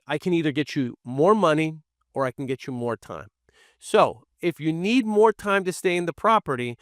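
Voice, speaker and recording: Blunt, high-pitched male sales coach. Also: no echo, clean studio sound. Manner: direct, blunt, role-plays scripted seller lines in a low firm voice. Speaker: real estate wholesaling coach. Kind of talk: training presentation.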